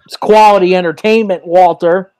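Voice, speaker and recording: A man's voice: high-pitched, steady tone, normal speed, a little mellow, clear, resonant tone. A man co-hosting a podcast, cracking sarcastic jokes in casual chat about a wrestling show. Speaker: podcast co-host.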